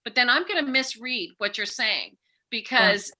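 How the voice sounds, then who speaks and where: A middle-aged woman speaking as a podcast guest, talking in a lively, animated way and acting out bits of dialogue. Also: a little high, moderate pace. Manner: animated, acts out remembered dialogue. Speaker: guest, author and peace educator. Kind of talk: casual podcast conversation.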